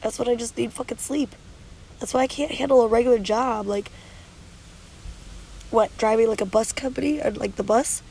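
A worn-out woman talks frankly to the camera while sitting at the beach, her voice crackling with gravelly fry. She sounds drained and tearful, with a stuffy nose, and her rambling talk is blunt and full of swearing. Soft outdoor ambience sits faintly behind her. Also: a little high, moderate pace, long pauses. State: exhausted and sleep-deprived. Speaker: vlogger. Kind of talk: candid confessional vlog.

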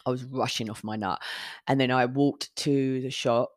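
A woman's voice: rumbling low, steady tone, moderate pace, no echo, clean studio sound. Candid woman telling her story. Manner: candid, swears, retells conversations. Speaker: podcast host. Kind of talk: personal storytelling monologue.

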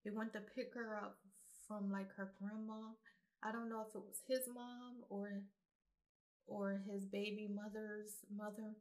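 A woman's voice: mid-range voice, flat delivery, unhurried, a little mellow. A woman giving an earnest, emphatic spiritual monologue straight to her viewers in a casual vlog. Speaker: vlogger.

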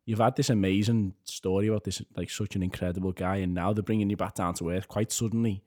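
A man co-hosting a podcast in casual chat, chatty and animated, laughing often. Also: low-pitched, fast talker. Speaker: podcast co-host.

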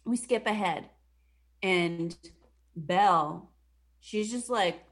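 A young woman casually retelling a movie plot for a comedy podcast. She swears a lot and keeps dropping into quick mock voices for the characters. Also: fairly low pitch, slight background noise. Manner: profane, animated, does mock voices for the characters.

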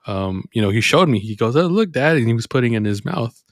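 A man's voice: lowish voice, quick pace, no echo, studio quality. A man hosting a faith podcast, reflective and meandering as he thinks aloud in casual talk. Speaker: podcast host.

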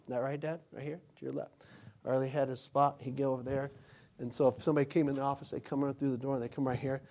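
A pastor giving an informal Bible teaching, telling rambling personal anecdotes. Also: male voice, medium pitch, level tone, fast talker, darkish tone.

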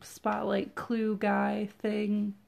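Gravelly-voiced woman chatting hesitantly. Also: medium pitch, completely flat delivery, extremely slow, darkish tone. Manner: hesitant, trailing off, many ums. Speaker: podcast co-host. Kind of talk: casual chat.

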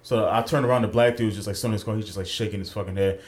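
A man's voice: lowish voice, fairly even intonation, rapid-fire. A man co-hosting a podcast, telling a story in casual chat, acting out the quotes and swearing freely, at a studio mic. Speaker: podcast co-host.

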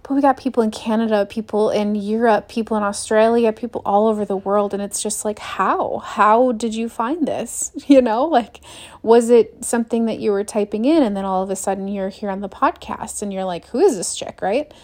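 A woman's voice: medium pitch, moderate pace, darkish tone. A young woman hosting a solo motivational podcast, talking earnestly and upbeat, acting out small quoted scenes as she goes. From United States. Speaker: podcast host.

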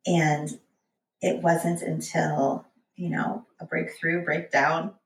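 A woman's voice: sits low, level tone, takes it slowly, roomy sound, distant mic, poor audio. A candid woman in her forties, a guest author telling personal stories in a conversational podcast interview. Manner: candid, storytelling, acts out quotes.

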